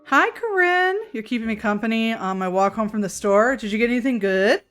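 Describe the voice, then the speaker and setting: A woman's voice: on the high side, expressive, a little fast, a bit bright, smooth, faint music behind. A woman streamer in casual chat with her viewers, talking loosely, laughing often and reading chat messages aloud. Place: home room.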